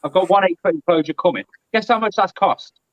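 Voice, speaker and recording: A man talks in a lively, chatty way, his voice sitting a little high. He is on a video call, and the sound comes through muffled and lo-fi with no room echo. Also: brisk. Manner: chatty and animated. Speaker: guest. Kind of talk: casual live-stream chat.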